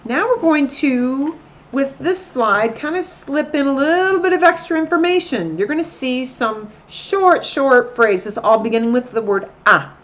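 A woman's voice: sits high, lively intonation, a little slow, a bit bright. A woman teaching a recorded grammar lesson as a Spanish teacher, patiently repeating example phrases.

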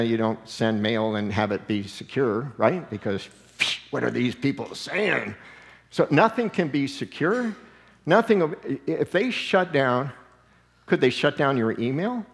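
A man preaching a sermon as pastor, animated and conversational, often slipping into quoted voices and chuckling. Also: mid-range voice, big-room sound. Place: church sanctuary.

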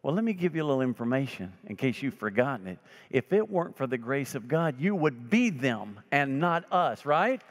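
A man's voice: mid-range voice, big pitch swings, fairly quick, few pauses. A man preaching a sermon as pastor, telling stories and voicing the people in them. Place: church sanctuary. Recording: long reverb of a church sanctuary.

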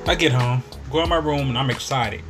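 A man spins a comic storytime in loose slang, animated and quick to laugh, his voice sitting at an everyday middle pitch. Video game music runs clearly behind him. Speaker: storyteller vlogger.

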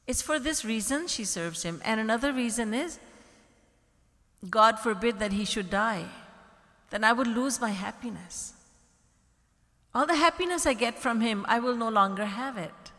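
A woman's voice: a little high, a bit bright. A woman spiritual teacher giving a discourse, telling stories with acted-out quotes and emphatic repetition. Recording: long hall reverb.

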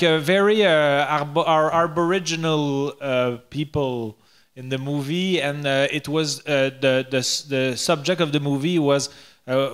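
Slow, halting man. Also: fairly high pitch, a bit bright, clear, resonant tone. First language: French. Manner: halting, searching for English words. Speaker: podcast co-host. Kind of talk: casual chat.

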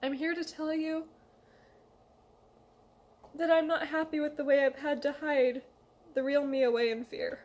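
High-voiced young woman, emotional and halting, reading a heartfelt letter aloud to her loved ones. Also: little pitch movement, a little mellow. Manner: emotional, hesitant, pleading, reads a letter aloud. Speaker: vlogger. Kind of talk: emotional personal confession.

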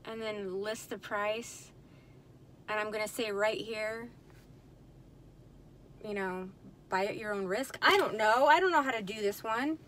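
A woman's voice: on the high side, fairly bright tone, a little hiss or hum. A woman chatting casually in a haul vlog, talking to herself, frustrated, addressing viewers as y'all and you guys. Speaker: purse reseller vlogger. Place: indoors at night, dim room.

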